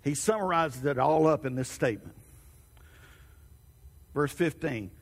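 A middle-aged man delivers a sermon, moving from homey family stories to emphatic teaching. His voice sits somewhat high for a man. The sound carries a long reverb, like a large church hall. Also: expressive, measured pace, vocal fry, pauses often. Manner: storytelling, rising to emphatic preaching. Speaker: pastor.

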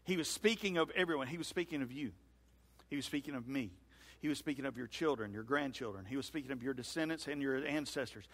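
A male pastor preaching a sermon in a church sanctuary, acting out scripture dialogue with lively swings in voice. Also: medium pitch, fast talker. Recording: long hall reverb.

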